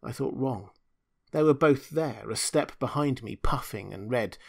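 Man, audiobook narrator, steady first-person reading, mid pitch. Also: unhurried, vocal fry. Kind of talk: scripted narration.

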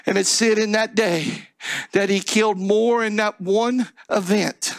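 A male pastor preaching a fervent sermon prayer, shouting and crying out with repeated pleading refrains. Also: high voice, fairly even intonation, a little slow, no echo.

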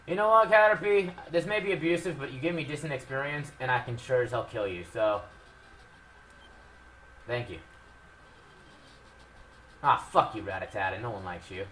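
A young man commentating his own gameplay with heavy swearing, shifting from low mutters to loud outbursts. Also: moderate pace, long pauses. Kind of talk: Let's Play commentary.

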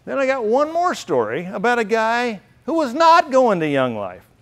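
A man's voice: very high voice, huge pitch swings, normal speed, a bit bright. A middle-aged man giving an earnest, heartfelt storytelling speech at a banquet. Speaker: banquet speaker. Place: banquet hall.

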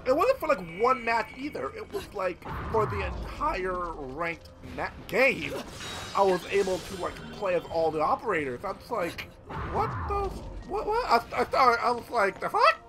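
A man giving casual gameplay commentary, rambling and excitable, swearing loudly at the game. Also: sits high, moderate pace, rough recording. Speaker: gameplay streamer. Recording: loud game music behind voice. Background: game music and sound effects.

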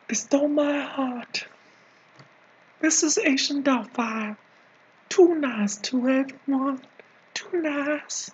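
A man's voice: extremely high pitch, very slow, pauses often, lo-fi sound, slight background noise, heavily acted. A man doing a put-on voice for a bossy, scolding comic nanny character, rambling and teasing with sudden whispers. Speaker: video creator. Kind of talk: improvised comedy rant in a put-on voice.

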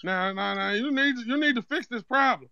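An irate young customer with a put-on accent, as a man puts him on for a prank call, demanding and threatening in street slang. His voice sits very high. The call sounds muffled and dry. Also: normal speed, creaky, pushed and bright, smooth, dry recording, full character voice. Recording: muffled phone-call recording.

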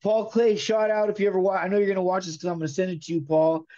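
A man tells his conversion story with animated, slangy energy and keeps it in the present tense. His voice sits fairly high, and the sound is dull and lo-fi. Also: very fast. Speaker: guest giving a conversion testimony. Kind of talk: emotional testimony in casual chat.

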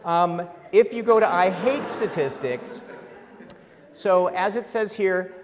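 A man's voice: sits high, takes it slowly, noisy background. Middle-aged male professor, dry self-mocking humor, lecture hall reverb. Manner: wry, self-deprecating, acts out quotes. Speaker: professor giving an award lecture.

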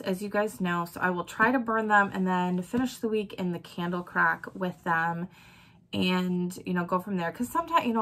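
A woman's voice: medium pitch, a bit bright. A woman vlogger chatting casually about her weekly wax melts, listing scent notes and laughing often. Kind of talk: casual product chat.

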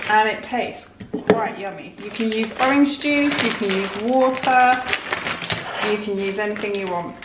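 Slow, chatty woman in an echoey kitchen. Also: medium pitch. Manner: chatty, homely, rambling asides. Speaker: vlogger. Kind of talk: casual kitchen vlog chat. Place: home kitchen, indoors. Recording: echoey kitchen, clear background noise.

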